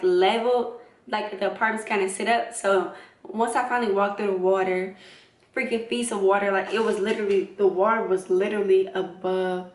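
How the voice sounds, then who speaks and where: A young woman in her twenties telling a dramatic story in a casual, animated way. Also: mid-range voice, reverberant. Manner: animated, dramatic retelling with screams and laughs. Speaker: vlogger.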